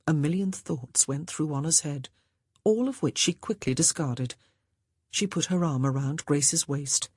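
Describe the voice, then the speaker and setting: Woman narrator for romance audiobook; husky, low, lively intonation, dry close sound. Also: measured pace, no echo. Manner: expressive, voices each character. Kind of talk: scripted narration.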